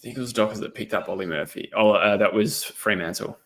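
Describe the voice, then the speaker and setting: A man's voice: fairly low pitch, fairly quick, fairly bright tone. A young Australian man hosting a casual live stream, commentating on a match and chatting with viewers, rambling with lots of ums. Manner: rambling, many ums, reads chat messages aloud. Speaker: footy livestream host. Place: indoors at a laptop.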